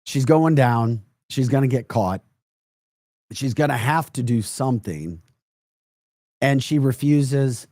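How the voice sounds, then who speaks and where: A man's voice: medium pitch, expressive, slow, pauses often, dark tone, no echo, clean studio sound. A man hosting a live political podcast, emphatic and mocking, often breaking into laughter while reacting to chat comments. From United States. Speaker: podcast host.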